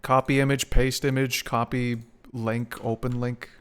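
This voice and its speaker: A man's voice: medium pitch, level tone, unhurried, clear, resonant tone. A young man chatting casually on a live stream, rambling, swearing and laughing often.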